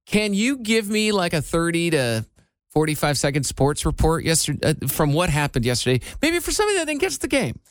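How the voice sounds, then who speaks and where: A man's voice: fairly high pitch, clean tone, no room sound, studio quality. A young man hosting a radio show, teasing his co-host and getting easily hyped. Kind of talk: casual radio show banter.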